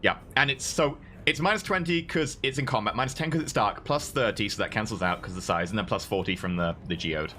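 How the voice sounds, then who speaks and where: A man's voice: fairly low pitch, a little fast, hardly any pauses, sharp tone, slight background noise. A man playing a tabletop role-playing game, patiently explaining rules and reading them out in casual chat. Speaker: player.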